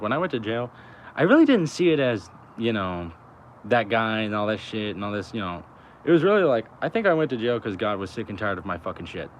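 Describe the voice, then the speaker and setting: A man's voice: on the low side, a little hiss or hum. A young man talking in a loose, rambling, profane way, full of fillers, outdoors by a road. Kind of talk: casual rambling chat.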